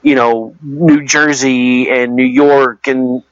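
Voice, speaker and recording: A man's voice: medium pitch, steady tone, slow, dry recording. A man casually talking about a movie, rambling and hesitant, with many restarts and fillers. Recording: dull lo-fi dry recording.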